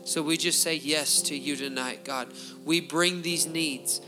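A man's voice: a little high, steady tone, measured pace, music in the background. A man pastor leading a fervent spoken prayer at a church service, pleading and repeating phrases as he goes.

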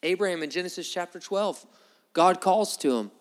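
Male preacher, slightly high voice, lively storytelling sermon, long hall reverb. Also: moderate pace. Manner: storytelling, acts out biblical dialogue with shifting pitch.

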